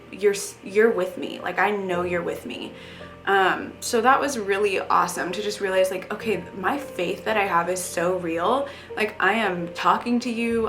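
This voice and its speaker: A woman's voice: medium pitch, fairly bright tone. A young adult woman giving a heartfelt life update, earnest and emotional, with lots of "like" fillers. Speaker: vlogger. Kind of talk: casual personal life update. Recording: echoey room with faint music.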